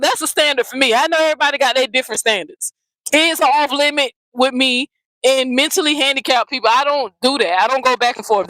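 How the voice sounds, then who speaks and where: A woman with a slightly high voice rants on her own channel, blunt and mocking, swearing freely as she calls people out. The sound is dry and close, with no room echo. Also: a bit bright. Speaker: channel host. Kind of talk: confrontational vlog rant.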